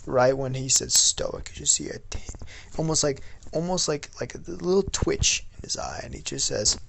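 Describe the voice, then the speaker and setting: A man's voice: mid-range voice, lively intonation, normal speed, vocal fry, a bit bright, slight background noise. A young man improvising a fan story, rambling with many restarts.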